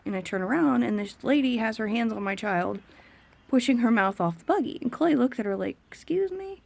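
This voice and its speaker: A woman's voice: fairly high pitch, expressive, a little fast, gravelly. A young woman, talking frankly and with exasperation to camera as a parent in a casual vlog. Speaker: vlogger, autism parent.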